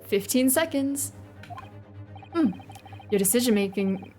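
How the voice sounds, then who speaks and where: A woman's voice: on the high side, lively intonation, slow pace, warm tone, soft background music. A woman voicing a stern, commanding male British chief judge with an attempted British accent, clipped and formal. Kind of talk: reading game dialogue aloud.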